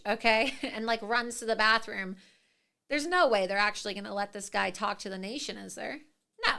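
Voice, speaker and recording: A woman's voice: on the high side, pushed and bright, clear, resonant tone. A woman hosting a political talk show, ranting with indignation and laughing mid-sentence. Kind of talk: opinionated political commentary.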